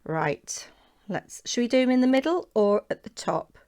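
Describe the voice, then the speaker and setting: A woman's voice: fairly high pitch, sing-song, normal speed, darkish tone. A woman hosting a crafting tutorial, chatting casually and talking to herself as she works. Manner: chatty, talks to herself while working. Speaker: papercraft tutorial host.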